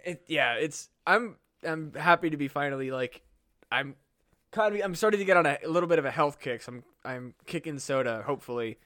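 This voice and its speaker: High, bright-voiced young man riffing profanely. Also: expressive, a little fast. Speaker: podcast co-host. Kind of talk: casual comedic banter.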